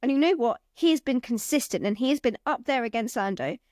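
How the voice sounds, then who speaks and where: Lively high-voiced woman co-host. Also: a little fast, no echo, studio quality. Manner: earnest, reasons through her picks. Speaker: podcast co-host. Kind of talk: casual podcast chat.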